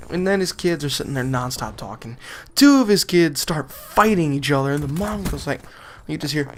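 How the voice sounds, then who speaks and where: A man's voice: fairly high pitch, normal speed, a little hiss or hum. A young man casually telling a rambling, exasperated story on his vlog, often laughing as he goes. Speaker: gaming channel vlogger.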